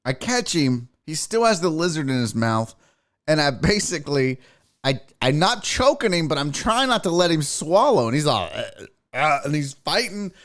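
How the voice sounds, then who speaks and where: A chatty man hosts his show in a loose, rambling monologue. His pitch sits a little high and swings widely as he tells a story. He acts out the lines of his cat and of himself in squeaky voices. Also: very animated, moderate pace, a bit bright. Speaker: sports show host.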